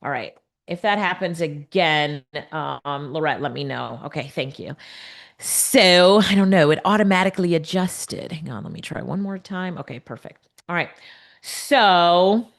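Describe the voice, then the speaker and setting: A woman's voice: on the low side, expressive, unhurried, creaky. A middle-aged woman running a live online class, chatty and upbeat, laughing often as she talks to viewers over a computer mic. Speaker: webinar instructor. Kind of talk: live online teaching demo. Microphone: computer mic on a video call.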